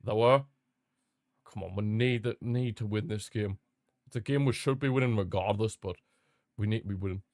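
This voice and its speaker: A young man hosting a live football watchalong, chatting casually and repeating himself, with sudden bursts of excitement. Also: fairly low pitch, moderate pace, pauses often, dry recording, studio quality. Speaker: watchalong host. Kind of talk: casual live match commentary.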